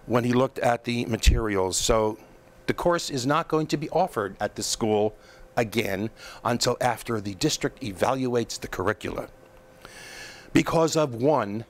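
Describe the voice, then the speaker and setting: A man hosting a political commentary show, talking in an emphatic, scornful monologue that mocks his targets and often restarts his sentences. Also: medium pitch.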